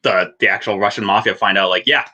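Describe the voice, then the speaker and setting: A man guesting on a podcast chats casually about a film, laughing often and acting out scenes and quotes as he retells them. His voice is low and his pace quick.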